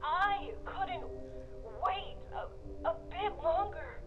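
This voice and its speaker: A heartbroken wife in a sci-fi horror game, pleading slowly and tearfully in a very high voice. The line comes through dull, muffled game audio over a loud musical score. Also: female voice, music in the background, full character voice. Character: distraught wife begging husband to reconcile.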